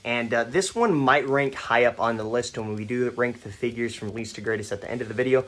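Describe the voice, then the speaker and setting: Young male host, casual collector review, rambling, stuttery, lots of ums, mid pitch. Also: brisk, fairly bright tone. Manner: rambling with many fillers and restarts. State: stuttering, foggy after a fight. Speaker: toy collector reviewing action figures.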